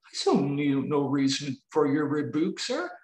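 A man's voice: on the high side, sing-song, measured pace, darkish tone. A man reading aloud voices an outspoken young woman who speaks up with rising indignation. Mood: defiant. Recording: roomy video-call audio.

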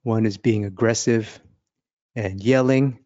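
A man's voice: lowish voice, fairly even intonation, measured pace, dark tone, no echo, dull audio. A man teaching a casual drawing lesson. He talks and laughs as he thinks aloud while sketching. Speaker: art instructor.

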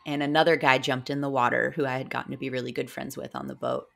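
A woman's voice: rumbling low, little pitch movement, fast, creaky, fairly bright tone. A woman guest on a podcast, telling a personal story in a rambling way with many fillers. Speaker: podcast guest, psychedelic guide. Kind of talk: casual storytelling interview.

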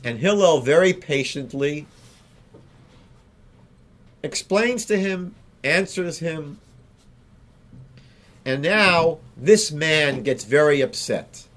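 A rabbi telling a teaching story in a slow, deliberate way, repeating key phrases. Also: male voice, on the high side, fairly bright tone. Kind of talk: storytelling lesson.

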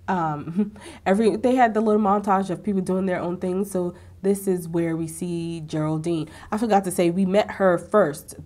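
Chatty young woman recapping a show. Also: lowish voice. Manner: animated, sassy asides and acted-out quotes. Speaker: TV recap vlogger. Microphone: ring-lit camera setup at home.

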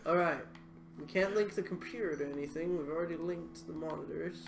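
A woman chatting casually while playing a puzzle game, thinking out loud. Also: low voice, fairly even intonation, a little fast. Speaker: player. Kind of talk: casual let's play chat. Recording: echoey room, faint noise.

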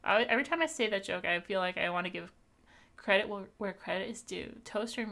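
A woman's voice: mid-range voice, a little fast, vocal fry, bright, forceful tone. A young woman from Canada streaming live, chatting in a bubbly way with viewers and laughing often as she thanks them. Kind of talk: casual live-stream chat over gameplay.

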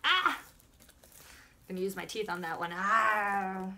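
A young woman, a mom, chatting in a bubbly, excited way while unboxing for a vlog at home and talking to her toddler. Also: mid-range voice, a little slow. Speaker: mom vlogger. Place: home room with backdrop. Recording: noisy home recording.

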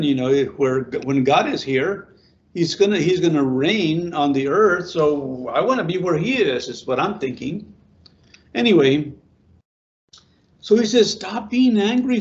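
A middle-aged pastor giving an informal sermon to a small congregation, talking conversationally, asking them questions and repeating words. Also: male voice, on the high side, darkish tone, highs cut off.

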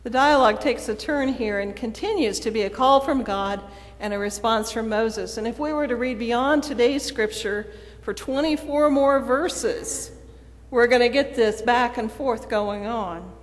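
A woman's voice: on the high side, unhurried. A woman preacher delivering a sermon in a storytelling manner, acting out the quoted dialogue. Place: church sanctuary. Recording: long church reverb.

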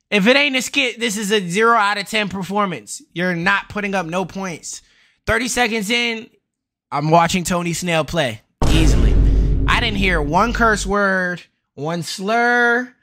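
A man's voice: sits high, bright, forceful tone. A young man streaming a reaction, mocking the clip in slangy, laughing casual talk.

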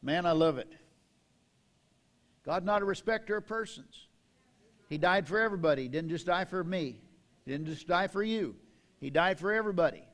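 An older man preaching a sermon in a church, reading scripture with slow, dramatic emphasis. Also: high voice, animated, fairly bright tone. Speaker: pastor. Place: church sanctuary.

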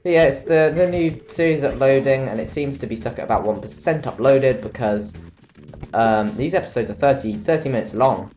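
A man's voice: medium pitch, moderate pace, a little mellow, slight background noise. A tired young man giving rambling, self-mocking commentary while playing a video game. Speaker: let's play commentator. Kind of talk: casual gameplay commentary.

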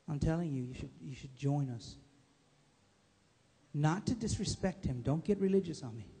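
Man, preacher, live church sermon, fairly high voice, gravelly, emphatic repetition. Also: dark tone. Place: church service.

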